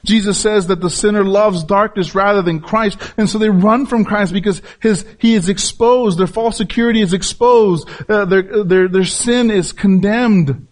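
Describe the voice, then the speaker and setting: A man's voice: sits high, fairly even intonation, normal speed. A man, a pastor, preaching a sermon with emphatic repetition and rhetorical questions to his listeners.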